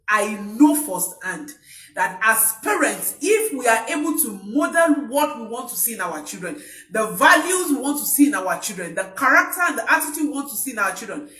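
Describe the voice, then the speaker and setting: A woman's voice: on the high side, fairly bright tone. A woman, coaching parents in an emphatic talk that repeats key points. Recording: echoey room, voice from a distance.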